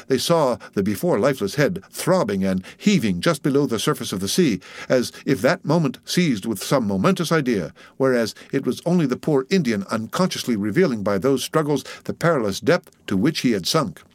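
A man's voice: mid-range voice, expressive, no room sound. Man narrating a classic sea story. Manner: measured, dramatic storytelling. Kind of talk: audiobook narration of a classic novel.

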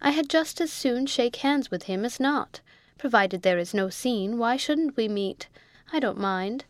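A woman's voice: fairly high pitch, expressive, a little slow, no echo. A woman voicing a peevish, imperious rich old spinster aunt who speaks with scorn, in a storybook reading. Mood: haughty.

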